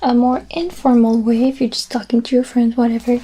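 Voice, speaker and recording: A woman in a whispered role-play as a French teacher, soft-spoken and patient, repeating each word slowly. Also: a little high, level tone, slight background noise.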